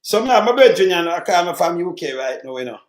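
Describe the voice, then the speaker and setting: High-voiced Jamaican man joking in patois. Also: sing-song, quick pace. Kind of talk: casual banter. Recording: roomy echo.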